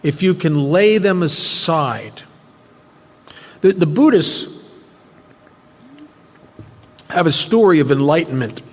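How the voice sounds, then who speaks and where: A man's voice: on the high side, lively intonation, slow, long pauses. A man speaking at a recovery workshop, telling a story earnestly to make a spiritual point. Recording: long hall reverb.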